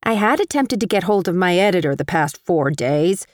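A woman narrating an audiobook in the first person with wry, measured storytelling. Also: fairly low pitch, lively intonation, no echo, clean studio sound.

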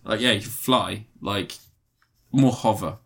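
A man's voice: fairly low pitch, unhurried, gravelly, fairly bright tone, a little hiss or hum. A man reviewing a film in casual, crude podcast chat, rambling and laughing at his own jokes.

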